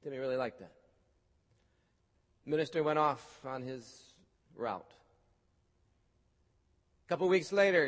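Pastor guy preaching in a big echoey hall, fairly high voice, loud then real soft. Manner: dramatic swings from loud to hushed. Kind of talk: sermon.

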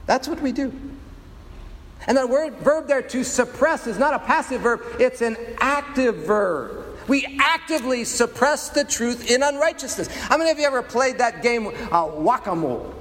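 A man with a strikingly high voice preaching a sermon. He uses slow, weighty pauses and rhetorical questions. His voice carries a long reverb, as in a big hall. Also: expressive. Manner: dramatic preaching, rhetorical questions, sound effects. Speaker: pastor.

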